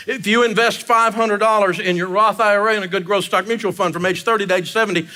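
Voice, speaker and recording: A man teaching personal finance at a live seminar, full of jokes and punchy energy. His voice sits high and rings bright. He talks to the crowd with playful, animated bursts.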